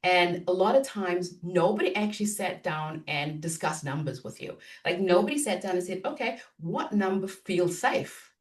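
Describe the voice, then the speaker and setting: A woman business coach talking in a podcast interview, animated and acting out inner self-talk. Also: lowish voice, moderate pace, hardly any pauses, distant mic.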